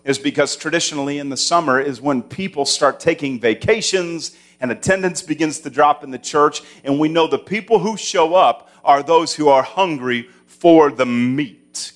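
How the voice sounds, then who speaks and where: Man preaching with a carrying voice. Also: on the high side. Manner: loud, carrying preaching voice that builds to fervent declarations. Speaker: pastor. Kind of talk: sermon. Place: church sanctuary.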